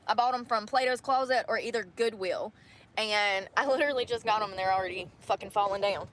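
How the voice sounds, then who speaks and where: A woman's voice: medium pitch, fairly quick, a bit bright, a little hiss or hum. A woman vlogging casually, talking bluntly and swearing freely as she vents about her day. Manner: blunt and profane, venting. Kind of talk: casual vlog chat.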